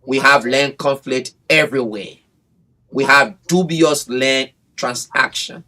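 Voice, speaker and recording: A man's voice: medium pitch, takes it slowly, pushed and bright. A man, a bar association representative speaking emphatically in a radio interview, often repeating his phrases. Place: radio studio.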